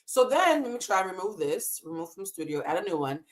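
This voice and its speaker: A woman hosts a live stream from a hotel room, speaking at a middle pitch. She talks with raw feeling and swears freely. Her tone is casual and unscripted. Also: big pitch swings, fairly quick. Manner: impassioned, emotional, swears freely. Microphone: desk mic in a hotel room.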